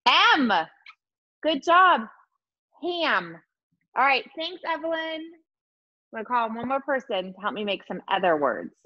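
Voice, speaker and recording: A woman teacher leads a virtual lesson for small children, her voice a little high and swinging widely up and down. She is encouraging and sing-song, stretching out letter sounds. The audio is dull and lo-fi, like a video call. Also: very animated, unhurried, pauses often.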